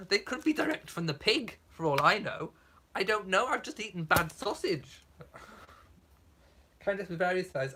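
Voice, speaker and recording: Man, bright forceful voice, slightly high, camp and theatrical, reading viewer comments aloud. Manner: camp, theatrical, self-mocking. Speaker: vlogger reading live chat. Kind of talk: casual live chat.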